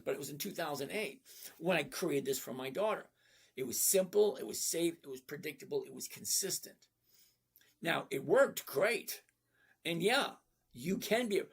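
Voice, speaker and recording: Gravelly, husky and a bit bright, this middle-aged man's voice sits on the high side. He hosts a live stream and handles viewers' trading questions casually, blunt and folksy, often asking "okay?"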